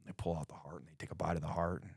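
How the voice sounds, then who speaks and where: A man from Colorado with a deep, low voice tells a story as a guest, casual and animated, acting out the quotes. The sound is dry and close, with little room echo. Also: rapid-fire, gravelly, slightly rough.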